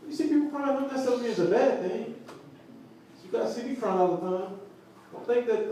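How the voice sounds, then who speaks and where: High-voiced, lively man preaching in an echoey hall. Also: brisk, long pauses. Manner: animated, laughing, asks the crowd questions. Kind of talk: interactive Bible teaching. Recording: echoey room from far off, faint noise.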